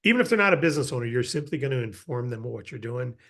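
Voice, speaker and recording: A middle-aged man giving a casual, energetic sales training and acting out sample pitches. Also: rapid-fire. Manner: energetic, acts out sales scripts.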